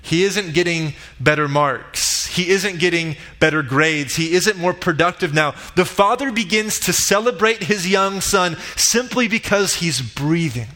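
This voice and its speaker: Man, pastor, sermon storytelling, slightly high voice, dramatic swells. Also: animated, unhurried, few pauses. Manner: dramatic retelling, rising to shouts in quoted lines. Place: church sanctuary.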